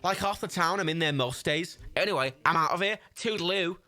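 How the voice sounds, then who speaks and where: A man voicing a scrappy middle-aged Scouse scavenger with a Liverpool accent, gruff and chummy. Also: on the high side, fairly quick, bright, forceful tone, dry recording, voice pushed up.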